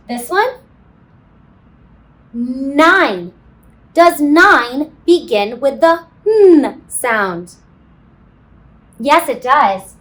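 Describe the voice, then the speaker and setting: A woman leads a kindergarten phonics lesson in a slow, sing-song, encouraging way. Her voice sits high and swoops widely, and she drops in playful sound effects. Every word comes very slowly and carefully. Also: animated, fairly bright tone. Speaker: kindergarten teacher. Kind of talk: teaching a phonics lesson to young children. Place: classroom.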